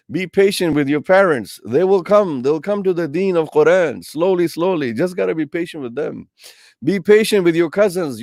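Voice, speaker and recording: Animated male Quran teacher, dry sound. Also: on the high side, no room sound. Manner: animated, acts out quoted voices; addresses listeners as brothers and sisters. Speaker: Islamic teacher. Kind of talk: Quran tafseer lecture.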